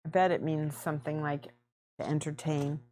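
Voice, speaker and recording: A woman's voice: low-pitched, little pitch movement, moderate pace, a little mellow. A woman chatting casually on a livestream while painting miniatures, giggling often and thinking aloud.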